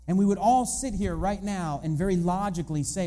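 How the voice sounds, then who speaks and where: Mellow-voiced man preaching conversationally. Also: on the high side, fast, few pauses. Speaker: pastor. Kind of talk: sermon.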